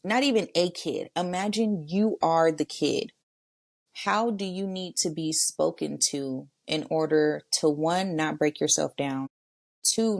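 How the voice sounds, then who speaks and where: Casting: female podcast host, low gravelly voice, relaxed solo chat straight to listeners. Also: no echo. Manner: chatty, talks straight to listeners. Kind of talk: casual solo monologue.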